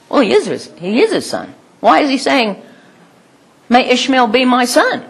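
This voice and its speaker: An older woman preaching a sermon to a congregation, animated and often laughing, asking rhetorical questions. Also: a little high, normal speed, slightly rough. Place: church hall with congregation.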